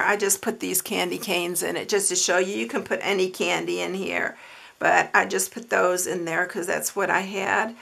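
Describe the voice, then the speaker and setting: A woman's voice: medium pitch, gravelly, a bit bright. A woman hosting a papercraft tutorial, chatting casually, repeating herself and dropping fillers as she shows her work. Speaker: papercraft channel host.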